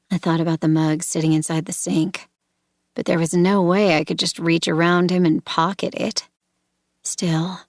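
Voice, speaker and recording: Brief: woman reading a first-person audiobook, low and gravelly, tense, measured delivery. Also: no echo, studio quality. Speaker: audiobook narrator.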